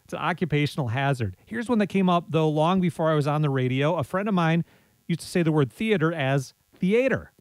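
A man hosting a public radio talk show, speaking in a measured, lightly wry way. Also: on the high side, expressive, dry recording. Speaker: radio host.

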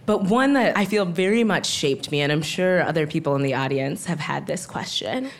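Woman, 30s, from Wisconsin, open-mic storyteller, chatty, laughs often, slightly low voice. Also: moderate pace, a little hiss or hum.

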